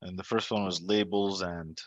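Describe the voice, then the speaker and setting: A male student in a relaxed lesson, asking questions and repeating answers as he works them out. His voice is very low. The sound is dry and close, with no room echo. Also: normal speed, lo-fi sound. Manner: questioning, thinks aloud, echoes answers. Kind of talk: casual tutoring session.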